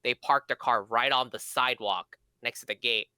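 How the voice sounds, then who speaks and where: A man's voice: mid-range voice, moderate pace, pushed and bright, smooth, no echo. A young man co-hosting a podcast, telling stories in a rambling casual way with many fillers and restarts. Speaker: podcast co-host. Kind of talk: casual storytelling chat.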